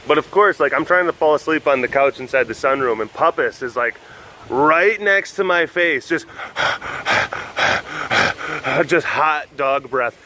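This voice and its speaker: A man's voice: on the high side, takes it slowly, bright, forceful tone, a little hiss or hum. A young man vlogging at a big cat enclosure, rambling through a story and acting out other voices. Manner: chatty, often acts out other voices, laughs a lot.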